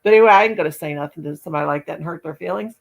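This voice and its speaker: Gravelly low-voiced woman rambling folksy stories. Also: rapid-fire, rough recording. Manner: rambling, folksy, talks in long run-on anecdotes. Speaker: crochet channel host. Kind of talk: casual storytelling chat.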